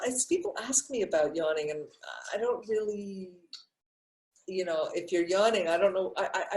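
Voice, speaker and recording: A woman's voice: medium pitch, normal speed, darkish tone. An older woman, a breathwork teacher, answering questions in a live session and talking in a loose, rambling way with many restarts. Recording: echoey room.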